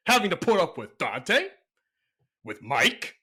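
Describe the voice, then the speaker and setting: A man's voice: high voice, very animated, slow, a crowd in the background. A man co-hosting a sports podcast in casual banter, ranting and swearing in heated trash talk at his co-hosts. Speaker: podcast co-host and editor.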